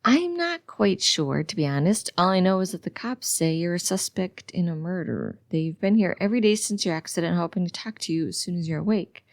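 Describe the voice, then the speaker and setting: Woman reader voicing a petite nurse, sing-song and soothing, gravelly low voice. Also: lively intonation, fairly quick, few pauses, no echo, clean studio sound.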